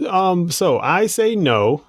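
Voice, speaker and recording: A man's voice: sits high, very animated, slow. A man co-hosting a podcast in casual comedic chat, laid-back and loose, reading out answers and cursing now and then. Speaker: podcast co-host.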